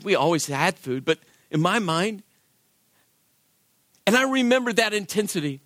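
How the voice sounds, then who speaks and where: A worship leader tells a personal story as a sermon, animated and acting out the voices of people in it. His voice is high and moderately paced, recorded with studio quality and no room sound.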